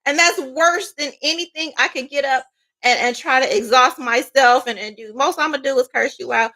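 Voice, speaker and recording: Woman, tarot reader, blunt profane monologue, bright tone, higher pitch. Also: moderate pace. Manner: blunt, profane, animated, with laughs. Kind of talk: casual spiritual monologue.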